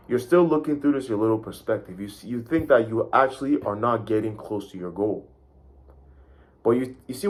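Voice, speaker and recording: A man's voice: mid-range voice, a little mellow. A man giving an emphatic motivational talk to camera, often checking in with "right?" and pointing at a sketch as he explains. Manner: emphatic, keeps asking "right?" and "you see". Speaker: motivational speaker.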